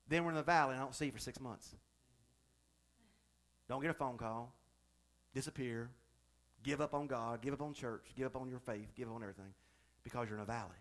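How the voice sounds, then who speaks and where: A man's voice: medium pitch, a little fast, long pauses. A male pastor delivering a sermon, moving from chatty, joking asides to fervent, emphatic preaching.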